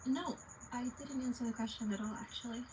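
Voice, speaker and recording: A woman's voice: on the high side, brisk, a little mellow. A woman with a New York accent, a guest on a casual live stream, telling stories in a chatty way and laughing easily. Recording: noisy live-stream audio.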